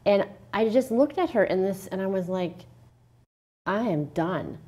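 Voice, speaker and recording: A former opera singer with a medium-pitched voice tells stories at a normal speed in a casual interview at a local cable TV studio; the recording sounds muffled. She's an animated storyteller who acts out the voices in her stories and sings snippets.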